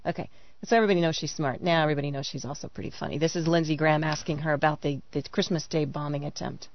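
A woman's voice: sits low, fairly even intonation, racing, no echo, lo-fi sound. A woman reading news on a radio talk show, chatty and teasing as she sets up jokes. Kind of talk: casual news chat.

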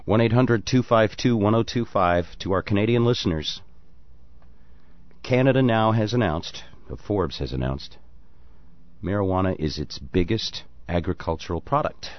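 A man's voice: on the low side, normal speed, lo-fi sound. A man hosting a talk radio show, taking calls and cracking jokes. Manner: wisecracking, teasing.

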